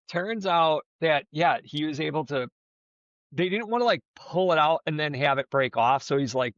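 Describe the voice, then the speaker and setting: A man's voice: on the high side, moderate pace, fairly bright tone, no room sound. A man co-hosting a podcast, telling a story in a rambling, profane, casual way. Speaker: podcast co-host. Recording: dull, slightly lo-fi dry sound.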